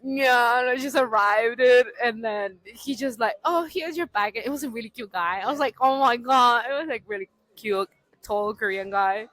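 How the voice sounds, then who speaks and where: A woman in her thirties, a podcast guest, telling a funny story in casual, animated talk with non-native English grammar, laughing often and repeating herself. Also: a little high, normal speed, no room sound, low-quality recording.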